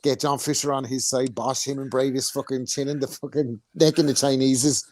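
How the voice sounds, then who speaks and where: A man's voice: flat delivery, a little fast, a little mellow. Sweary man telling boxing stories. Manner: sweary storytelling, mimics fighters in higher voices. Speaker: podcast co-host. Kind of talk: casual boxing chat.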